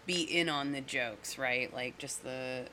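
A woman's voice: extremely low pitch, slow, sharp tone, slight background noise. A woman co-hosting a casual movie review chat, giggly and hesitant with lots of fillers. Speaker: podcast co-host.

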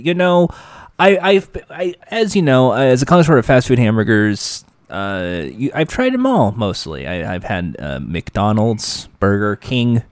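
Playful man from California, lively pitch. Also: measured pace, no echo. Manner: playful, joking, filler-heavy. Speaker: podcast co-host. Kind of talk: casual chat.

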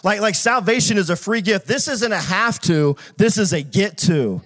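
A man, a pastor, preaching a sermon and telling humorous stories, calling out to his audience and talking fast with many restarts. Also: sits high, animated, fairly bright tone. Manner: humorous storytelling with audience call-outs; fast, filler-heavy delivery with frequent restarts.

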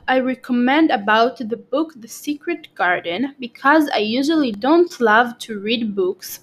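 A woman reading a book report aloud slowly and carefully, with small slips and restarts. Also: a little high, low-quality recording. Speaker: student presenting a book report. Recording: clear background noise.

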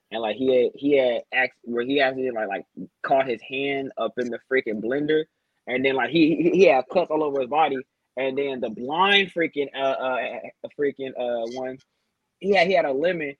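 A man's voice: medium pitch, moderate pace, no room sound, highs cut off. A young man in casual group chat, telling stories in bursts with many restarts. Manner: stumbling storyteller, many restarts and fillers.

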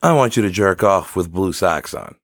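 A man joking crudely through casual podcast banter, his pitch jumping around a lot as he acts out quotes. The sound is dry and close. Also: animated, moderate pace, creaky, no echo. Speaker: podcast co-host.

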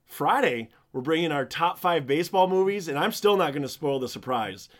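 An upbeat man co-hosting a casual podcast, his voice sitting a little high. He chats through plugs and show news with lots of fillers. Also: lively intonation, brisk. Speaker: podcast co-host.

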